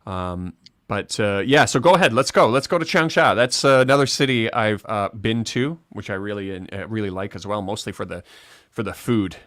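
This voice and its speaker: A Canadian man co-hosting a live stream in casual chat, chatty and quick to laugh. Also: lowish voice, fairly bright tone, no room sound, clean studio sound. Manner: chatty, restarts often, laughs easily.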